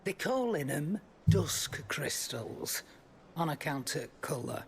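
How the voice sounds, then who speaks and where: A woman's voice: low voice, very animated, slow pace, a little hiss or hum, heavily acted. An actress playing a seasoned woman trader with a British accent, dry and wry, in video game voice acting.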